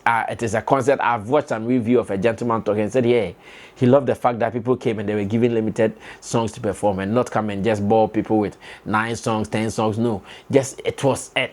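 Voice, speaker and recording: A man hosts an entertainment show in a medium-pitched voice. He talks in animated, opinionated commentary, firing off rhetorical questions and circling back to hammer his point.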